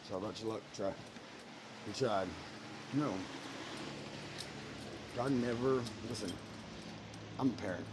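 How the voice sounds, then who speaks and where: A man talking about his beliefs in a casual, earnest monologue that turns suddenly loud and high at times. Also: measured pace, pauses often, background noise. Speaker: parent sharing personal beliefs.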